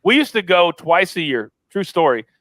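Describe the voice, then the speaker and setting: A man hosting a sports betting show, loud and energetic as he wraps up and plugs the show. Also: sits high, normal speed, no room sound. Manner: loud and energetic, plugging and wrapping up. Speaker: host.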